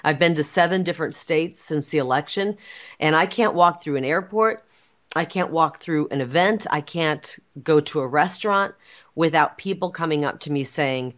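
A woman with a very low, deep voice speaks as an interview guest, defiant and insistent. She drives her points home with repetition. The audio is a little dull and muffled. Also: moderate pace, fairly bright tone. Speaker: political guest. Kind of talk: emphatic interview talk.

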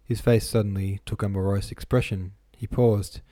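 A man narrating an audiobook in a measured, even reading voice, recorded close to the microphone. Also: fairly low pitch, no echo.

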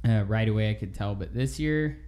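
A man who is a teacher, co-hosting a casual podcast and chatting in an easygoing, halting way. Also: on the low side, dark tone. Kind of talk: casual chat.

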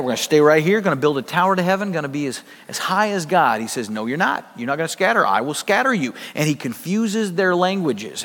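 A man's voice: sits high, fairly bright tone, big-room sound. A man preaching a sermon as pastor, in a conversational style with storytelling asides.

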